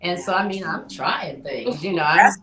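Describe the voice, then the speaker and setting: A woman's voice: fairly low pitch, moderate pace, reverberant, a loud crowd, rough recording. A mother speaking earnestly as a guest on a panel talk show. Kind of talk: casual panel chat.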